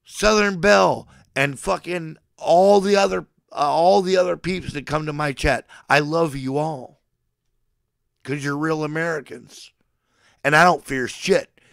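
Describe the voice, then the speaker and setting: Speaking a little slowly in a gravelly, slightly bright voice on the high side, a man in his forties addresses his livestream chat. His rant plays like a mock sermon, swinging between cursing, bragging threats and declarations of love. The sound is studio quality with no echo.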